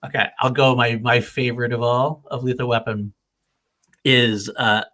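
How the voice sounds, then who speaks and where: A man's voice: mid-range voice, level tone, moderate pace, pushed and bright. A man co-hosting a casual movie podcast, laughing often and swearing freely as he talks through favorite scenes. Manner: laughs often, quotes movie lines in put-on voices. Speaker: podcast co-host.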